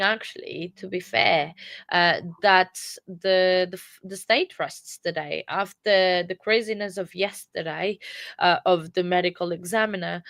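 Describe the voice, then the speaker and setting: A sad woman close to tears, hosting a casual true crime live stream in a subdued, monotone way. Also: medium pitch, no echo. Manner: subdued, self-described monotone delivery. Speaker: true crime livestream host.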